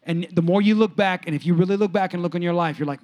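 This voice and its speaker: A man preaching a sermon with audience interaction, telling casual stories and swinging from soft, low asides to loud, excited peaks. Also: rapid-fire, few pauses. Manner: animated, jumps sharply higher and louder when excited, then drops soft; conversational, storytelling preacher with casual slang. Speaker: pastor.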